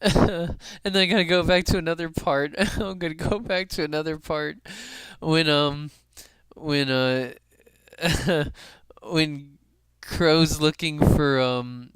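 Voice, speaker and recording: Brief: excitable male fan commentator, slow and smooth-voiced. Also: on the high side, dry recording. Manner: emotional, gasping and laughing often.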